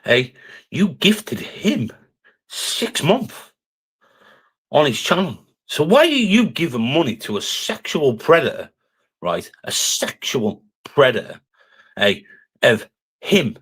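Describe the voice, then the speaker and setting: A man's voice: mid-range voice, big pitch swings, measured pace, husky. A man with a Cumbrian accent, ranting through a live-stream roast in an aggressive, sweary, taunting way. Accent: Cumbrian English. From Cumbria, England.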